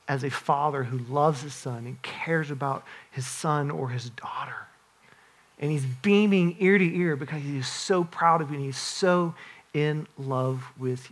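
A man in his forties, a pastor, preaching an earnest, conversational sermon with frequent restarts and asides. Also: on the high side.

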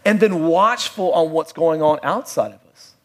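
A middle-aged man preaching a sermon in a conversational way, with playful asides and quiet, reflective stretches. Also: fairly high pitch, moderate pace. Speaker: pastor.

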